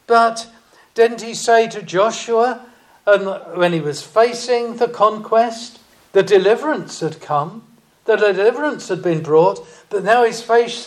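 A man preaching a sermon, speaking deliberately and rising in emphasis on key phrases. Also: sits high.

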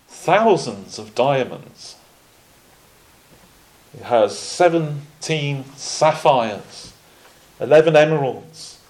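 Slow, measured male preacher. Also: medium pitch, a little mellow, poor audio. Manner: measured, with frequent pauses and restarts. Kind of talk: sermon.

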